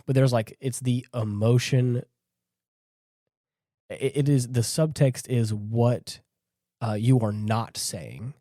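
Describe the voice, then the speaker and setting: Mellow-voiced man rambling through a movie recap. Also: mid-range voice, takes it slowly, pauses often, no room sound, studio quality. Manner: rambling, filler-heavy retelling with acted quotes. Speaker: podcast co-host. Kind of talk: casual movie recap chat.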